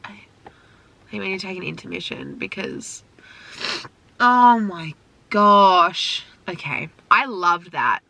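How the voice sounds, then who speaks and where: A woman's voice: lowish voice, very animated, slow pace, vocal fry, pauses often, bright, forceful tone. A young woman vlogging her reaction to music from inside her car, gushing and emotional. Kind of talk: casual reaction commentary. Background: album music playing.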